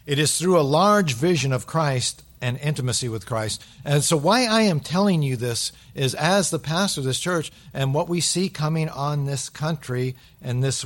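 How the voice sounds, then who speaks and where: A pastor preaching a sermon to his church, swinging from loud emphatic bursts to hushed asides. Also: a little high.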